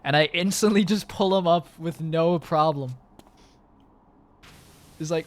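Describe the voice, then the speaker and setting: A man's voice: a little high, a little slow, pauses often, a little hiss or hum. A young man streaming, chatting casually to his viewers in a rambling way, full of fillers and swearing.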